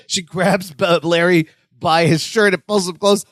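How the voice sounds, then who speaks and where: A man with a high-pitched voice co-hosts a podcast, retelling a sitcom scene in an animated way and jumping into the characters' lines. The recording is dry and close, with no room sound. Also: fairly quick, few pauses, no echo. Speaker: podcast co-host. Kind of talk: casual chat recapping a sitcom episode.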